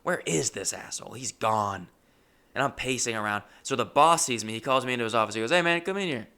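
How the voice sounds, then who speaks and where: Gravelly, bright-voiced comic telling a story. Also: male voice, mid-range voice, brisk. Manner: animated, profane, exasperated. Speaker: comedian. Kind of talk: comedic storytelling monologue.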